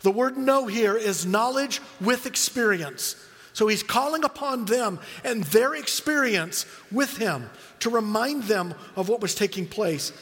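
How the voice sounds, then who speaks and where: Middle-aged guy preaching in a church, really high voice, long hall reverb. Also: a little slow. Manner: storytelling, animated quoted voices. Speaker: pastor. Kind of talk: sermon.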